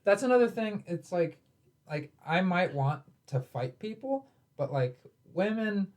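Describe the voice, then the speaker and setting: A man's voice: high-pitched, expressive, unhurried, darkish tone. Young man telling a rambling story. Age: young adult. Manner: rambling, storytelling with lots of filler "like". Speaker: comedian co-host. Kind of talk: casual comedic chat.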